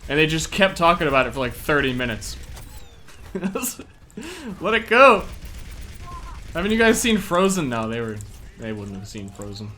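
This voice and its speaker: A young man chatting casually while streaming a game, excitable and quick to laugh. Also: mid-range voice, slight background noise. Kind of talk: casual gameplay commentary.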